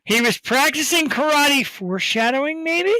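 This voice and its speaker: A male talk show host hyping up upcoming guests in a rambling, excitable way. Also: very high-pitched, normal speed, no room sound, rough recording. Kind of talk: casual talk show chat.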